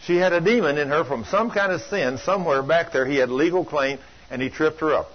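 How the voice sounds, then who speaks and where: An older man preaching a sermon, telling folksy stories that swing from loud to hushed. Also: a little high, a little fast, hardly any pauses, husky. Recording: dull lo-fi sound.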